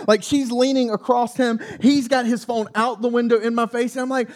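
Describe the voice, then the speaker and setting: A male pastor preaching a sermon, telling a personal story in an animated, self-mocking way. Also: very high voice, brisk, hardly any pauses.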